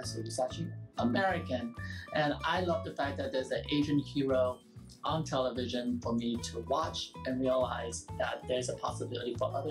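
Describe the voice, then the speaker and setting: A man's voice: mid-range voice, poor audio. A man hosting a web talk show, thanking his guest and wrapping up for viewers. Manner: warm thanks, upbeat wrap-up to viewers.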